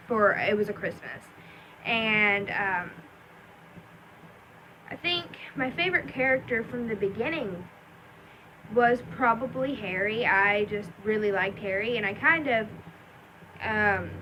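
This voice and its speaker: A woman's voice: mid-range voice, bright, forceful tone, a little hiss or hum, rough recording. A young adult woman telling a personal story in a rambling, chatty vlog with many ums and likes. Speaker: vlogger.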